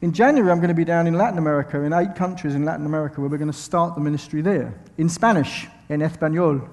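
A man's voice: fairly high pitch, rapid-fire, darkish tone, in a large hall. A man with a London accent preaching a sermon as a visiting speaker, chatty and self-mocking, with many ums and restarts. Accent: English, London. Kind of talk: sermon with friendly asides. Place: church sanctuary.

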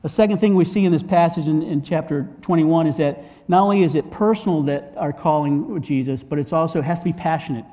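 A man's voice: on the high side, fast, hardly any pauses, mellow, long reverb tail. A man preaching a sermon in a conversational way, asking the congregation rhetorical questions and often repeating words as he restarts. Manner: frequent word repeats and restarts. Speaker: pastor.

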